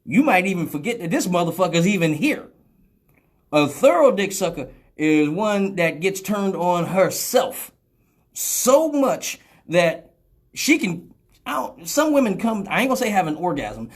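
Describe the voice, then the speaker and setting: A woman hosting a live radio talk show, blunt and profane, rambling, laughing often and slipping into mock voices as she talks. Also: lowish voice.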